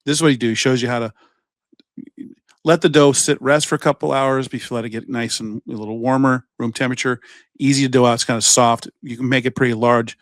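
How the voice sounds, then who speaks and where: A man's voice: medium pitch, steady tone, quick pace, no room sound. A man co-hosting a podcast in a studio, telling a rambling story in casual chat, with plenty of swearing. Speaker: podcast co-host.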